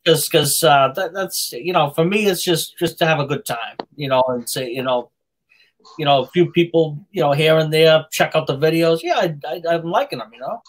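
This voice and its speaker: A man with a Massachusetts accent hosting a live stream, halting with lots of fillers and restarts. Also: on the high side, rough recording. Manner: halting, many fillers and repeated words. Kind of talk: casual chat.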